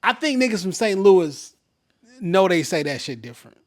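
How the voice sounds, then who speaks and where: A man's voice: high-pitched, big pitch swings, normal speed. Laid-back Detroit man, casual slang. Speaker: podcast co-host. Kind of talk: casual chat.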